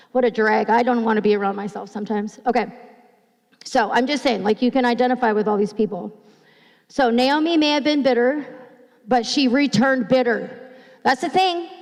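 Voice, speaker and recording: A woman's voice: fairly high pitch, normal speed, gravelly, darkish tone. A middle-aged woman pastor preaching a sermon in a chatty, conversational way, acting out quoted voices. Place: church sanctuary. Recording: long hall reverb.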